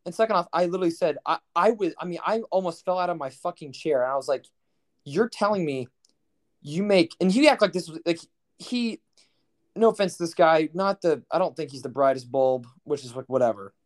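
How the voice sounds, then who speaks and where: A man's voice: fairly high pitch, animated, brisk. A young man co-hosting a podcast, telling stories in a rambling, profane, incredulous way. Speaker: podcast co-host. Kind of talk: casual chat.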